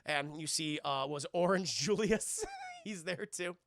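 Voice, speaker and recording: Man, high voice, very gravelly, bright and forceful, dry close mic, rambling profane live-stream film recap. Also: measured pace, no echo. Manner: rambling, profane, laughing often and acting out quotes.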